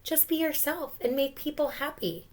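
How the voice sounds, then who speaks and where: A woman reading a storybook aloud, voicing a caring, gently firm mother who speaks in a high, encouraging way. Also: expressive, normal speed.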